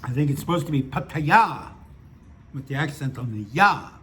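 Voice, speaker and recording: A man's voice: medium pitch, lively intonation, fast, fairly bright tone, slight background noise. An older man reading his own stories aloud and breaking off into digressive, self-mocking asides. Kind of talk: story reading with chatty asides.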